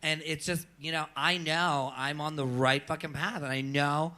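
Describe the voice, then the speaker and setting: A man's voice: a little high, steady tone, normal speed, pushed and bright. A man from Canada, a drag performer on a viewing-party panel, talking in an emotional, casual way with frequent swearing and repetition. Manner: emotional, swears often, repeats himself. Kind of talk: casual chat.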